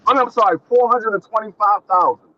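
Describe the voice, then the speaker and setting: A man's voice: high voice, fast, dull audio. A man co-hosting a casual boxing talk show, insistent, repeating his point over and over. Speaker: boxing podcast co-host. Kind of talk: casual debate chat.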